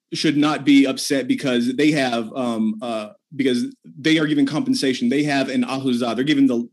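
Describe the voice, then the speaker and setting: A man debating scripture who talks haltingly, full of fillers and restarts. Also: medium pitch. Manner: halting, many fillers and repeated words. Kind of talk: heated online debate.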